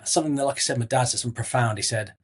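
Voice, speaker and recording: Here a middle-aged man from Southwest England, an actor on an interview, talks rapid-fire in a husky mid-range voice. The conversation is casual and chatty, with frequent restarts, friendly asides and plenty of "mate."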